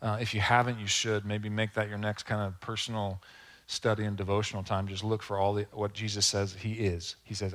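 A man's voice: lowish voice, level tone, brisk, fairly bright tone. A man preaching a sermon as pastor, speaking earnestly and conversationally, with asides and questions to the congregation.

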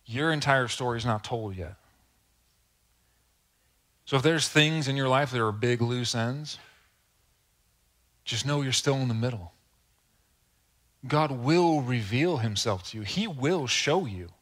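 A man's voice: mid-range voice, measured pace, long pauses, a bit bright. Earnest, conversational male preacher. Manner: conversational, earnest, with rhetorical asides to the congregation. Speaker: pastor. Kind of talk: sermon.

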